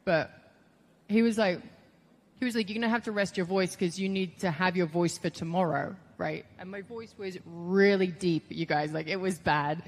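A woman's voice: on the low side, moderate pace, big-room sound. A woman guest telling stories in a casual interview, chatty, full of "like" and quoted voices. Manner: chatty, lots of "like", animated quoting of others.

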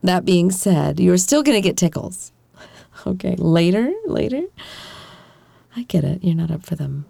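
A woman plays a loving girlfriend in a whispered role-play, soothing her partner with a soft, reassuring manner. The voice is mellow and unhurried, with a breathy edge. It sits close and dry, with no room around it. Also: lowish voice, animated, no echo, heavily acted. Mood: tender. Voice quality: soft, gentle, reassuring, playfully teasing. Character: affectionate young adult girlfriend comforting her partner.

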